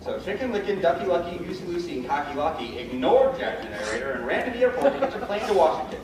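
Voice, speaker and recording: A man playing a fussy, put-upon narrator who tells stories with a quick storyteller's patter and exasperated asides. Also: high-pitched, very animated, a crowd in the background. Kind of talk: live stage comedy acting. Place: large indoor stage. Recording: echoey hall from far off, loud audience.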